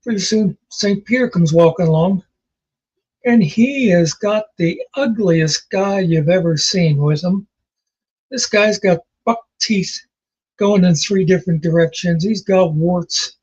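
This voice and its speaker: A man's voice: high-pitched, a little slow, a little mellow, slightly rough, dull audio. A man casually telling jokes as host, rambling and folksy in his storytelling.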